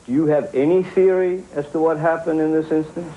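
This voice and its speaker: Man, interviewer, direct questions, mellow dark voice. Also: a little high, steady tone, a little fast, a little hiss or hum, rough recording.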